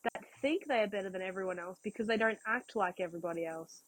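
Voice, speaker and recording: A woman's voice: medium pitch, fast, rough recording. A young woman co-hosting a podcast in casual chat, agreeing with her friend and adding dry, sarcastic asides. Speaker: podcast co-host.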